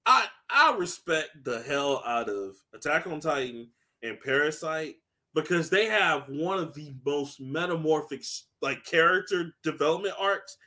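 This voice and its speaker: Animated, bright-voiced man in casual chat. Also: fairly high pitch, unhurried. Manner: loud, animated, laughing, acts out characters in quotes. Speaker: podcast co-host.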